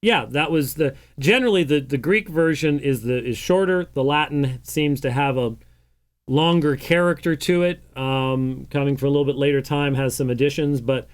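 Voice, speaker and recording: A man's voice: a little high, moderate pace. A man hosting a call-in program, taking phone calls and explaining points at length with many "uh" fillers. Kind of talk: call-in radio talk and teaching.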